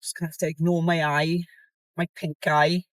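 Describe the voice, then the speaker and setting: A middle-aged woman chats casually to her phone camera, rambling and open, sometimes dropping soft and tired. Her voice sits close and dry, with no room sound around it. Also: deep voice, little pitch movement, moderate pace, no echo, rough recording. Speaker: competitor vlogging her contest prep. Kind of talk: casual vlog chat. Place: in a car.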